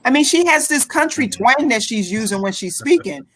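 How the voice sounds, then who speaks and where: A woman in a casual online commentary chat, animated and mocking, laughing often as she gossips. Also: sits high, moderate pace.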